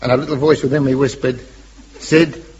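A man's voice: medium pitch, little pitch movement, fairly quick, a little mellow, a little hiss or hum, close to an everyday voice. An actor playing a lovesick, bashful man who gushes in a mock-lyrical way in an old radio comedy. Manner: mock-lyrical, sentimental gushing. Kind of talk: 1950s radio comedy acting. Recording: dull old radio broadcast with audience.

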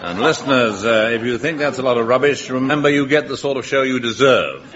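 A man's voice: mid-range voice, a little fast, a bit bright, some chatter behind. A man hosting a radio comedy show, dry, urbane and mock-solemn. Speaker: host. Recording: lo-fi old radio recording with studio audience. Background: studio audience laughter.

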